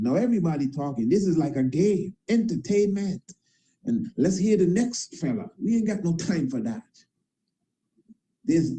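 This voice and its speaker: A man who is a priest and internet show host delivers an impassioned talk-show monologue, emphatic and repetitive, using informal grammar and frequent tag questions. His voice is high-pitched and warm, though the audio is poor.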